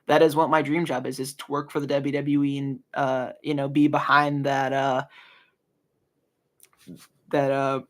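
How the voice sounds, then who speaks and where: A man's voice: mid-range voice, little pitch movement, measured pace, long pauses, a bit bright. A young man in his early twenties hosting a casual solo podcast, talking earnestly with many fillers and restarts. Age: early 20s. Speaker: podcast host.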